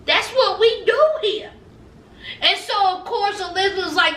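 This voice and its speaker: Sassy high-voiced woman. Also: unhurried, bright, forceful tone. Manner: sassy, gossipy, acts out the cast's lines. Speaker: recap vlogger. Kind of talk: casual TV recap commentary. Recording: echoey room, mic at a distance.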